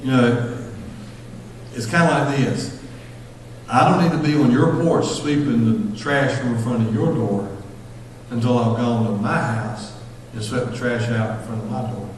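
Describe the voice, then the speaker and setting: A man with a Southern US accent preaching a sermon as pastor, talking fast and telling stories with acted-out voices. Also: medium pitch, slight background noise. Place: church sanctuary. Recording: echoey hall, far from mic.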